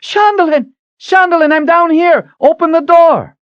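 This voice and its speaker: A man voicing a desperate, defiant noblewoman who screams her orders from a dark pit, on a dull lo-fi recording. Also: a little slow, no room sound. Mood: urgent. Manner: screaming, shrill pleading calls. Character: defiant desperate woman, Mother Confessor trapped in a pit.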